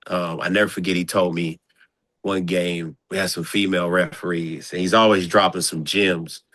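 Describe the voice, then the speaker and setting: A man, a basketball coach, talking casually in an interview in an animated, slangy way with lots of repeated phrases. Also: deep voice, normal speed, no echo.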